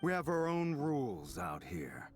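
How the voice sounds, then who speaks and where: A shrewd desert chieftain speaks slowly in a gruff, measured tone. His pitch swings expressively as he bargains. Soft game music sits behind him. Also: wildly swooping pitch. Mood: warning.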